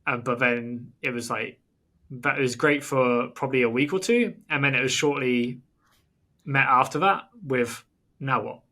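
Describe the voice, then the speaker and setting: A man's voice: mid-range voice, measured pace, pushed and bright. A man hosting a podcast, talking reflectively and casually, with frequent "like" and "you know" fillers. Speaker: podcast host. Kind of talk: casual conversation.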